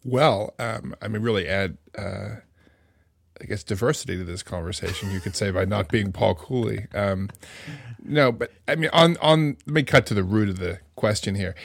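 Low gravelly man, dry and wry. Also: no echo. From Indiana, USA. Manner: dry, wry, measured and thoughtful. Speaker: podcast co-host. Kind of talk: casual podcast chat.

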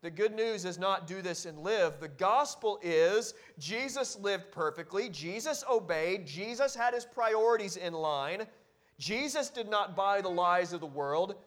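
A male pastor with a high voice delivers a sermon. He speaks earnestly and exhorts his listeners, and at times his voice sinks almost to a hush. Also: animated, measured pace. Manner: earnest and exhorting, with sudden quiet drops.

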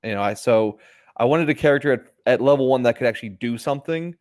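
A man co-hosting a podcast, rambling in relaxed casual chat and often restarting his sentences. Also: medium pitch, fast talker. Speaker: podcast co-host.

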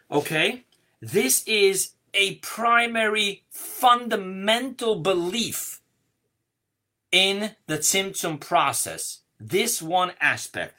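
A man teaches a lesson on Jewish mysticism at a slow, measured pace. His voice sits a little high and sounds bright and forceful. He stresses key words as he builds each point. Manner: slow, deliberate explaining with rising emphasis. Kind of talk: Kabbalah lesson.

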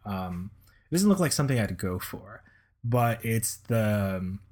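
Pria bersuara rendah yang ragu-ragu. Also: male voice, on the low side, big pitch swings, unhurried, darkish tone. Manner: hesitant, many fillers and restarts. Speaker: podcast co-host, watch reviewer. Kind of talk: casual podcast chat.

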